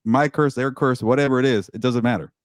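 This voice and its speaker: Emphatic man with a mid-pitched voice. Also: a little fast, dry recording, clean studio sound. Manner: emphatic, repeats words, animated. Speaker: sports podcast co-host and columnist. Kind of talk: casual sports talk.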